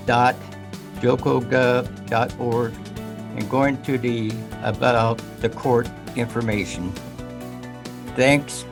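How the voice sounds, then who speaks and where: Friendly male host asking questions calmly, soft music in the back. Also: medium pitch, gravelly, poor audio. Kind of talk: interview hosting.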